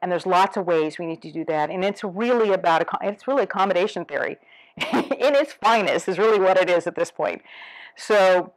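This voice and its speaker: A middle-aged woman professor giving a lecture, talking in a lively, animated way and acting out little quoted exchanges. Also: lowish voice, rough recording. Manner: lively, animated, quick asides and acted-out quotes.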